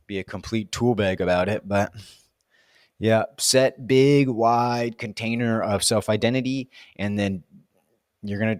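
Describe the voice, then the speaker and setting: A man's voice: on the low side, no room sound, clean studio sound. A man in a casual, reflective monologue, rambling and musing with plenty of fillers. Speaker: vlogger.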